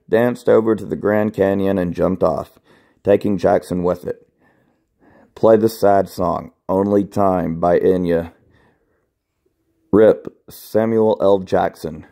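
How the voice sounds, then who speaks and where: Young man, low pitch, mellow dark tone, deadpan, reading absurd fanfiction. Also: creaky. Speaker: fanfiction author reading his own story.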